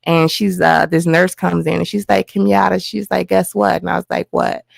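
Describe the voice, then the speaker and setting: A woman's voice: fairly low pitch, normal speed, vocal fry, dry recording. A woman telling a personal story as a guest, acting out the lines of the people involved as she goes. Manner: animated retelling with quoted dialogue. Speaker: guest, host's wife.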